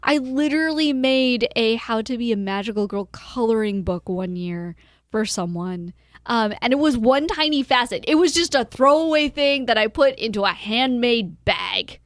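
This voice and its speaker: A woman's voice: fairly high pitch, expressive, normal speed, no room sound, studio quality. A woman co-hosting a podcast in casual chat, rambling with lots of fillers and acting out her own quotes. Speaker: podcast co-host.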